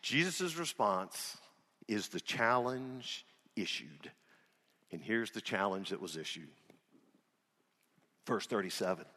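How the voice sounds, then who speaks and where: A man's voice: fairly low pitch, lively intonation, slow, pauses often, bright, forceful tone, long reverb tail. A man preaching a sermon as pastor in a church, folksy and joking, retelling scripture in a casual voice. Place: church sanctuary.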